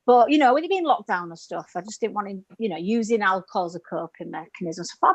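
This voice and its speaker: A woman's voice: medium pitch, very animated, fast talker, rough recording. A woman in her forties from the UK doing a stand-up set over a video call, chatty and self-mocking, laughing at her own jokes. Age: 40s. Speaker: stand-up comedian.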